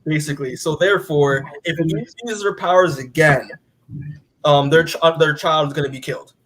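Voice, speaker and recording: A man's voice: on the high side, moderate pace, a bit bright. A man casually recapping a comic book as a podcast co-host, rambling with lots of filler words and casual swearing.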